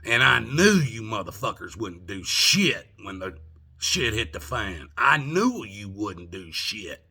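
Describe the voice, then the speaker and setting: Grumpy old guy ranting at the camera, cussing a lot, raspy and gravelly. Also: on the low side, sing-song, slow pace, pushed and bright. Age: older. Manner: profane, indignant, repeats rhetorical questions. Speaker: vlogger. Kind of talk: angry political rant.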